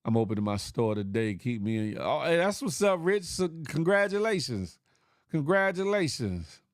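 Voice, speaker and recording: High-voiced joking male livestream host. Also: sing-song, moderate pace, dry recording, clean studio sound. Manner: joking, slangy, greets viewers by name. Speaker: morning show host. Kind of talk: casual livestream chat.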